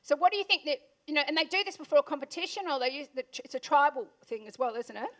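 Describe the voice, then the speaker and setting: A high-pitched Australian woman speaks to a live audience in an event room. Her delivery is punchy, and she keeps asking the crowd questions. She sounds like a motivational speaker on stage. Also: lively intonation, quick pace, fairly bright tone. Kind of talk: motivational keynote talk.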